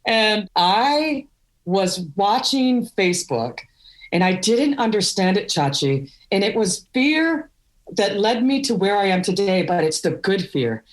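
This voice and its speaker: A woman's voice: medium pitch, animated, a little slow. A middle-aged woman from Wisconsin, a podcast guest telling candid stories with laughs. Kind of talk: storytelling interview.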